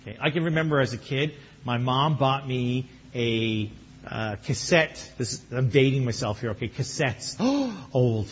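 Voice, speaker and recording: A middle-aged male pastor preaching a sermon, animated and breaking into excited exclamations. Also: mid-range voice, unhurried, a little hiss or hum. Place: church sanctuary. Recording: muffled lo-fi recording.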